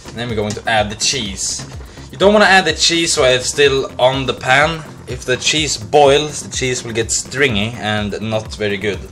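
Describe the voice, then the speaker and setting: A young man talks through a homemade cooking show, loose and off-script, drifting into silly asides. His pitch sits in an ordinary middle range. Faint music runs underneath. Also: lively intonation, normal speed, bright, forceful tone. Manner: goofy, rambling, slips into silly voices and chants. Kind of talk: casual improvised cooking demo.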